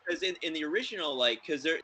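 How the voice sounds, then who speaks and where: A man hosts a film podcast, rambling excitably through a casual review chat full of fillers. His voice is fairly high, fast and husky, and the recording is rough.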